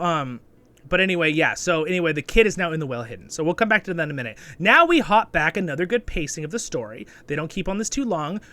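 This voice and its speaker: A man talks through an episode review in a loose, rambling way, often tagging his points with a quick question. His fairly high voice swings widely in pitch and has a bright, ringing edge. He leaps up with sudden excitement at the parts he likes. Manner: chatty and rambling, keeps asking "right?"; animated, with sudden excited jumps. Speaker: show reviewer and channel host.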